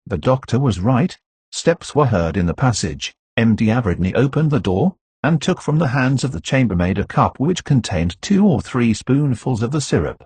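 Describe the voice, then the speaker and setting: A man narrating a classic novel in a steady, measured reading, recorded close to the mic. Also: mid-range voice, husky, no room sound. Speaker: audiobook narrator.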